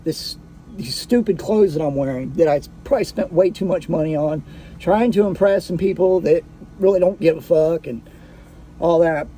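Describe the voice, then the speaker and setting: A man with a high, mellow voice recounts a personal story. He talks casually and swears freely, stopping to restart his sentences and fill the gaps with "uh" and "like.". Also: normal speed, slight background noise. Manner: casual, profane, full of fillers and restarts.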